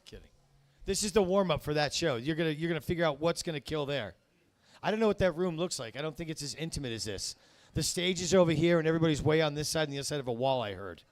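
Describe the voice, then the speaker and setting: A man's voice: on the high side, animated, fast talker. Rambling wisecracking male stand-up host. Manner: rambling, self-interrupting wisecracks. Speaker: comedy show host. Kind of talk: stand-up comedy. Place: comedy club stage.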